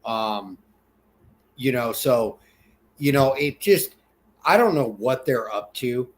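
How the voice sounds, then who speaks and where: A man co-hosting a casual political chat, rambling and halting with many fillers and restarts. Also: medium pitch, animated. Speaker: podcast co-host.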